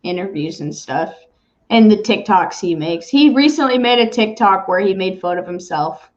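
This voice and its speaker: A woman's voice: medium pitch, moderate pace. Woman cohost chatting sports, laughs a lot, cusses, kinda dull lo-fi audio. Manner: animated, laughs often, swears freely. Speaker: podcast co-host. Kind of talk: casual chat. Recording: dull lo-fi sound.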